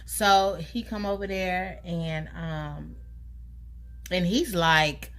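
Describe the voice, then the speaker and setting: A young woman, telling a personal story in a casual storytime vlog and acting out quotes with big jumps in pitch. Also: extremely slow, fairly bright tone.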